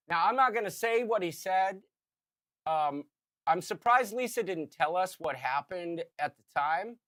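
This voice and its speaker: A man in his fifties tells a story in casual chat, animated and loud whenever he acts out what was said. The sound is dry and close to the mic, with no room around it. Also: high-pitched, a little slow, no room sound. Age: 50s. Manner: animated storyteller, shouts acted quotes. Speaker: podcast co-host.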